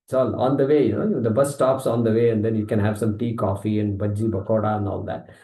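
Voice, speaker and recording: A man with an Indian accent teaching a scripture class, talking in a lively, conversational way and acting out the objections he answers. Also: lowish voice, fast talker, roomy sound, low-quality recording. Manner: animated, conversational, acts out objections.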